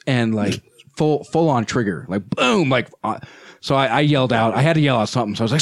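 Man, podcast guest, animated storytelling, lots of uh fillers, mid pitch, dry close mic. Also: moderate pace, no room sound. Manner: animated, many fillers and restarts. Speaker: nonprofit spokesperson, podcast guest.

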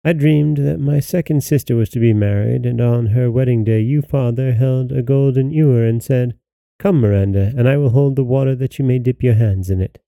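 A man voicing a gentle young princess, the king's youngest daughter, speaking softly and earnestly. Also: mid-range voice, moderate pace, creaky, dry recording, close to an everyday voice.

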